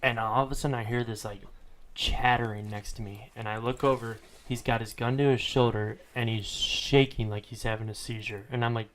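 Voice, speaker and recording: A man co-hosting a podcast from a home kitchen, telling a hunting story in a relaxed, profane way. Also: medium pitch, fairly quick, background noise. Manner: relaxed storyteller, swears freely. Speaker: podcast co-host. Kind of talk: casual chat.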